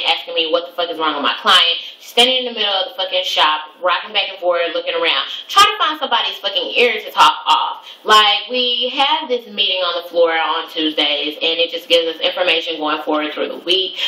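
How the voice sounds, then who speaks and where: A young woman vents in a rambling, profane, exasperated way. Her voice is bright and a bit low. She sits back from the mic in an echoey room. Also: far from the mic. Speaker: vlogger; hairstylist student. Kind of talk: casual rant.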